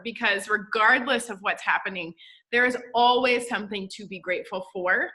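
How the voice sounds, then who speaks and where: A woman leads a conversational interview, explaining coaching ideas with emphasis and encouragement. Her voice sits a little high and sounds bright and forward. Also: a little fast. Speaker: podcast host and coach.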